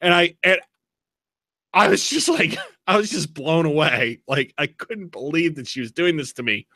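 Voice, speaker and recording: A bright, forceful male voice in casual podcast chat. He tells stories with animated energy and laughs easily. The sound is dry and close. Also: a little high, no room sound. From Pennsylvania. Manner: animated storyteller, quick laughs. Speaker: podcast host.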